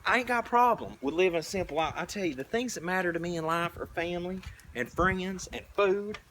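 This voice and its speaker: A young Southern prepper vlogger paints outside at a tiny house site, speaking in a high, slightly fast, somewhat bright voice. His casual preaching is blunt, folksy, and rambling, full of restarts, with slight background noise.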